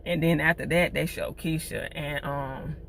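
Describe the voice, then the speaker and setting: A woman recapping a TV episode in a chatty, animated way, full of slang. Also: deep voice, a little slow, gravelly, slight background noise. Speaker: TV show reviewer.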